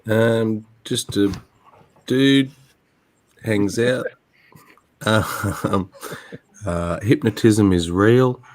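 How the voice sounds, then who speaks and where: A man's voice: on the low side, very slow, pauses often, darkish tone. A man with an Australian accent, speaking hesitantly with many ums as a guest on a casual livestream chat. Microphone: video call.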